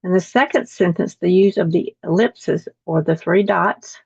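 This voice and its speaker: A woman's voice: fairly low pitch, normal speed, creaky, a little mellow, slightly rough, dry recording. Woman teacher reading lesson text to a video call class, dull and dry audio. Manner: reads text aloud, repeating words after slips.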